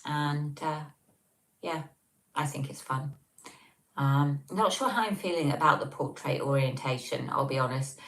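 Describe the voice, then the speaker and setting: A woman's voice: sits low, unhurried, fairly bright tone. A woman with an English accent hosting a casual livestream at home, reading comments and chatting with lots of ums, recorded on a tablet on a table. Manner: chatty, rambling with many ums. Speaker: livestream host.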